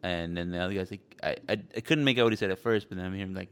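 A man's voice: low-pitched, rapid-fire, clear, resonant tone. A man co-hosting a casual chat, telling a story with energy and swearing casually. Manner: animated storytelling, swears casually, mimics other people. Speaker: podcast co-host.

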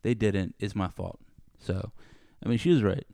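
A man's voice: lowish voice, moderate pace, gravelly, mellow, dry recording, clean studio sound. A man in casual podcast chat, ranting and acting out both sides of an argument as he talks. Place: studio under bright lights.

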